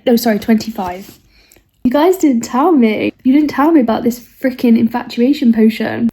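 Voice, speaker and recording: Fairly high-pitched and warm, this young woman's voice is a bit husky from a cold as she chats casually on her book vlog. She rambles, pokes fun at herself and makes asides to the viewer.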